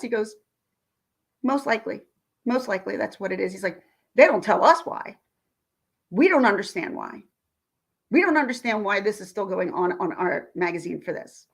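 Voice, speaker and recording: A woman's voice: mid-range voice, animated, moderate pace, gravelly, pauses often, slightly rough. A woman vlogger, indignantly retelling a phone call in a ranting commentary.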